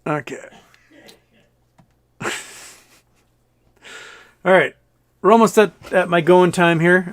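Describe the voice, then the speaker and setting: A man's voice: on the high side, expressive, takes it slowly, long pauses, a bit bright, clear, resonant tone. A man in his forties hosting a casual livestream, rambling and joking and laughing at his own jokes. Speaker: livestream host.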